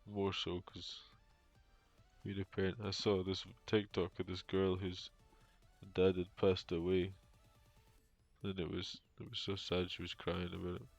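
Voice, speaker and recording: A deep-voiced man with a gravelly, creaky edge chats loosely while he streams a game from home. He rambles through "um" and "you know", dropping deadpan jokes, heard through a headset mic. The sound is dull and lo-fi, with faint music underneath. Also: unhurried, dry recording. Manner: rambling, filler-heavy, joking. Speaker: streamer and young father. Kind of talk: casual gaming stream chat. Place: home room.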